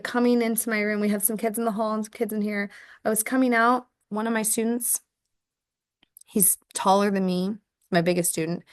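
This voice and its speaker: A woman's voice: medium pitch, a bit bright. A middle-aged woman teacher talking through her day in a candid, chatty video diary, full of fillers and restarts.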